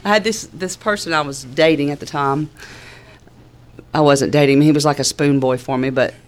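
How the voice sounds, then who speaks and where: A woman's voice: sits low, normal speed. Wry Southern woman telling stories. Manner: wry, laid-back, humorous storyteller. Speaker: speaker sharing a recovery story. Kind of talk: casual personal storytelling.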